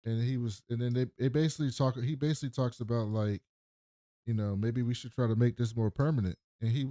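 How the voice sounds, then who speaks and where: A man's voice: medium pitch, fast, dry recording, clean studio sound. Man animatedly retelling a TV episode. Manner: animated retelling with acted quotes. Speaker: podcast co-host. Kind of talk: casual recap chat.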